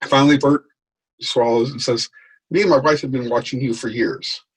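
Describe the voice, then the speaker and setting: A man telling lively anecdotes as a guest in an interview, acting out the people in his stories. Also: mid-range voice, normal speed, husky, low-quality recording. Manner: animated anecdote telling, acts out quoted voices. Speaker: guest, author. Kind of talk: storytelling in a podcast interview.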